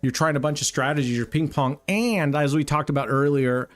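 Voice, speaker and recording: A man's voice: fairly high pitch, brisk. A man hosting a casual live stream, telling stories bluntly with heavy swearing, rambling through fillers and restarts. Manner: blunt, heavily profane storytelling. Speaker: roulette livestream host.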